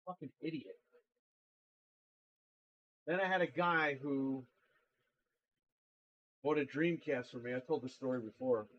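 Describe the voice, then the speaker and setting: Guy on a livestream ranting about customers, swears a lot, mid-pitched, kinda muffled lo-fi audio. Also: a little slow, pauses often. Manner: blunt, profane, exasperated anecdotes. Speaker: livestream host and console repair seller. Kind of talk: casual livestream storytelling.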